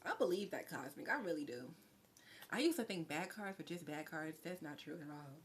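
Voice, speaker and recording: A woman doing a live tarot reading, talking in a chatty, effusive way and sometimes dropping to a soft whisper. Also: lowish voice, animated, moderate pace, long pauses, slight background noise. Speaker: tarot reader.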